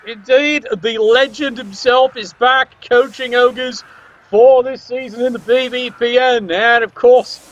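A man's voice: very high voice, a bit bright, lo-fi sound. A man commentating a tabletop sports game with wry, sarcastic asides.

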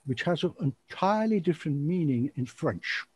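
A man hosting an online show, chatting casually in a rambling, animated way and laughing often. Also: a little high, normal speed, slightly rough. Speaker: show host and magician.

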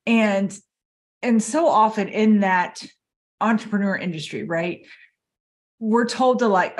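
A woman's voice: mid-range voice, slow, pauses often. Encouraging woman podcast host. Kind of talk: casual interview chat.

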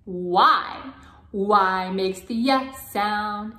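A woman speech language pathologist modeling simple sounds and words for toddlers in a playful, sing-song, drawn-out way. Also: medium pitch, sharp tone, roomy sound. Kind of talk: slow, exaggerated word modeling for toddlers.

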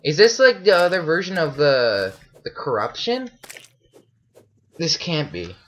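A man's voice: on the high side, huge pitch swings, measured pace. Jumpy man narrating his gameplay. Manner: jumpy, often shouts in alarm. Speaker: gameplay commentator. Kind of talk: let's play commentary.

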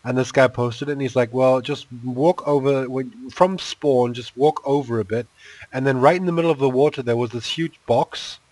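A man's voice: medium pitch, fairly even intonation, moderate pace, a little mellow, no room sound. A man chatting casually while playing a video game with a friend, rambling and often restarting his sentences. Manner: rambling, self-interrupting, laid-back. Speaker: channel host, game player. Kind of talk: casual gameplay chat.

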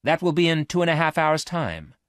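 A man reading aloud, voicing a calm male robot that runs a spaceship, formal and precise in his speech. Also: on the high side, brisk, no echo, studio quality, pitched above the performer's own voice.

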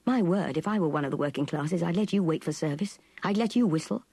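A woman voicing an indignant, passionate young wife in a storybook reading, with a very husky voice. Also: on the low side, quick pace, dark tone. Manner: heated, reproachful.

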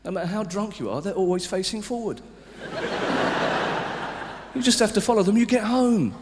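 A man doing live stand-up, swinging from loud mock outrage to low confiding murmurs. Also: expressive, moderate pace. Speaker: stand-up comedian. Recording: live hall recording with reverb and hiss.

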